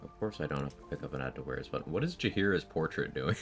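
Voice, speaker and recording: A man's voice: a bass voice, lively intonation, normal speed, gravelly, faint music behind. A man streaming a game live, chatting casually in a sleepy, laid-back way, laughing often and swearing now and then. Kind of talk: casual live-stream chat over gameplay.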